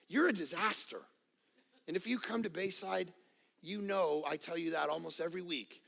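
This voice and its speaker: A middle-aged man preaching a sermon as pastor, telling jokey family stories and swinging from quiet asides to near-shouting. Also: sits high, gravelly. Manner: casual, joking storyteller. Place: church auditorium.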